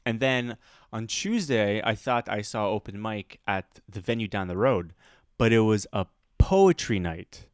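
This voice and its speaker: A man's voice: on the low side, expressive, unhurried, no echo, studio quality. A man co-hosting a podcast, a comedian telling rambling stories full of fillers and laughter in casual chat.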